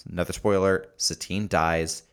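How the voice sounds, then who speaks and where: A man's voice: low-pitched, steady tone, normal speed, clear, resonant tone. Chatty man telling a story. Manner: storytelling with frequent fillers and laughter. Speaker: podcast co-host. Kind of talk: casual chat.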